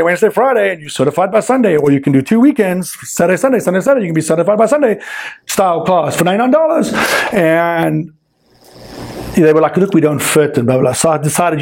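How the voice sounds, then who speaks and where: High-voiced man telling a lively anecdote. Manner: animated, emphatic, acts out quoted dialogue; frequent fillers and repeated words. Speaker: scuba diving instructor. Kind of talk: storytelling anecdote.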